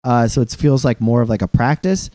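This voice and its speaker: A man in his thirties co-hosting a podcast, talking casually in a rambling, profane, animated way. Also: mid-range voice, a little fast, no echo, studio quality. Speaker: podcast co-host. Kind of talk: casual chat.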